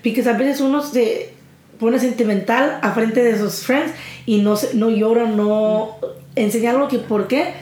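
A woman's voice: a little high, normal speed, darkish tone. A young woman co-hosting a podcast in casual chat, talking freely and switching between English and Spanish. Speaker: podcast co-host. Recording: roomy echo.

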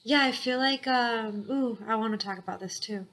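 A young adult woman co-hosting a podcast, talking openly and emotionally in casual chat, with quick bursts and many fillers. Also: a little high, fairly bright tone. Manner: open, emotional, talks in quick bursts with frequent likes and you-knows. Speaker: podcast co-host.

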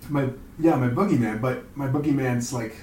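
A man co-hosting a casual podcast chat, reflective and halting as he thinks aloud. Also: mid-range voice, darkish tone, echoey room, distant mic, a little hiss or hum, poor audio. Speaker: podcast co-host.

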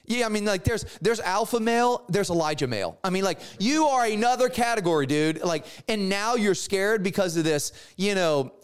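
Animated high-voiced man teaching bible class. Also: moderate pace, few pauses, clean tone. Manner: animated storytelling, acts out characters in slangy asides.

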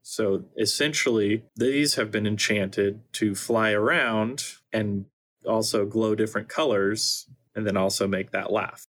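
A man narrating as game master for a tabletop game, in a relaxed, loose way. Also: on the low side, a little slow. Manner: relaxed, laid-back narration with fillers. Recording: music playing behind.

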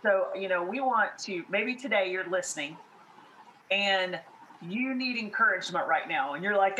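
A woman from the American South co-hosts a casual faith podcast. Her voice is bright and lively as she talks in an encouraging way, laughing easily. The room echoes, with a faint hiss behind her. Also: mid-range voice, normal speed. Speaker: podcast co-host.

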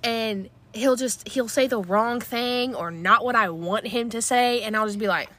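A woman in her twenties co-hosting a podcast, chatting casually with quick asides. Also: on the high side, bright, forceful tone. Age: 20s. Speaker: podcast co-host. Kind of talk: casual chat.

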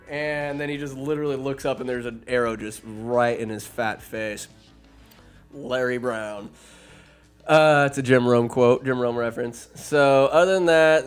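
A man casually retelling a fantasy film for laughs, rambling and profane, with sarcastic asides. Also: medium pitch. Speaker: comedic film recapper. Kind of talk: casual comedic story recap.

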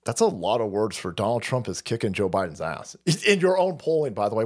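A man hosting a stream, delivering a loud, profane, mocking political rant. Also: on the high side, big pitch swings, fast talker, few pauses. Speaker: streamer host. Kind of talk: ranting political commentary stream.

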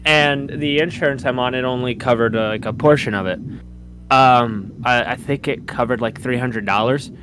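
A man co-hosting a podcast who tells an aggrieved story in casual chat, often pausing to grope for words. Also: mid-range voice, music in the background. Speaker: podcast co-host.

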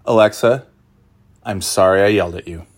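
A man's voice: low-pitched, moderate pace, no echo. A man from New England in a rambling, self-mocking monologue, exasperated at times.

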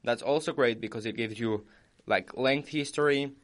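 A man's voice: mid-range voice, moderate pace. A young man hosting a podcast in casual chat, explaining points and reading out information. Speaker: podcast host.

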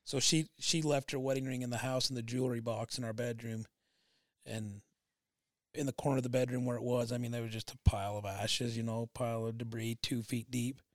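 A man talking as a guest in a casual conversation, earnest and heartfelt, often halting. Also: medium pitch, fairly even intonation, no echo, clean studio sound.

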